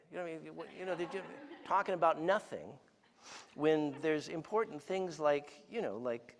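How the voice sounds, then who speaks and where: A man's voice: on the high side, moderate pace, long reverb tail. A man in his sixties giving a conversational sermon as a guest speaker, telling stories and asking the audience questions. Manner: storytelling, asks the audience questions. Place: church hall.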